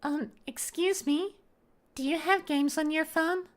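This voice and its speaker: A woman doing a shy, breathy, high young woman's voice with a timid, childlike manner. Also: a little slow, soft background music.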